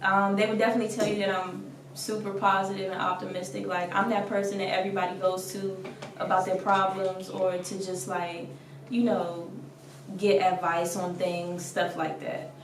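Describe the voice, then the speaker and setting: A woman's voice: medium pitch, flat delivery, moderate pace, recorded from a distance. A young woman talks in a casual, blunt way, laughing often and leaning on "like." She sits a bit back from the mic in an echoey room with faint noise behind her. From Washington DC area. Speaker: rapper guest. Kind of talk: casual interview.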